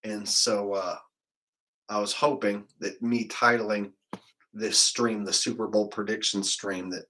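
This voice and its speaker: A man's voice: on the low side, flat delivery, a little slow, fairly bright tone. A man hosting a casual livestream, rambling loosely and dropping "man" and "like" as he talks. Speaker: livestream host.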